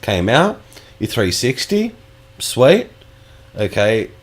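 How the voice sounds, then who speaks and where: A man's voice: medium pitch, sing-song, takes it slowly, husky. A man co-hosting a gaming podcast, chatting casually and swearing freely. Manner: sweary, rambling, laid-back. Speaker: podcast co-host. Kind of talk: casual chat.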